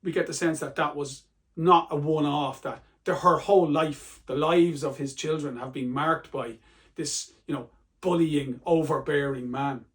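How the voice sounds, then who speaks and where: Male literature teacher, high voice, chatty and emphatic exam-prep delivery. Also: fairly even intonation, measured pace. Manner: conversational, emphatic, reads quotes aloud with feeling.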